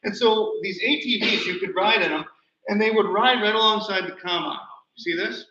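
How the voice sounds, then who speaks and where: Casting: male presenter, high and bright voice, chatty storyteller, roomy hall, distant muffled mic. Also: normal speed. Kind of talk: slide show talk. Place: nature center hall. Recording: roomy, distant, dull livestream audio.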